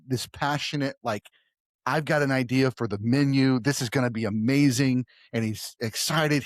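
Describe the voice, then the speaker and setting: Rambling podcast host, dry close voice. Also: male voice, mid-range voice, no room sound. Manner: rambling, trailing off and restarting often. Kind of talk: casual podcast chat.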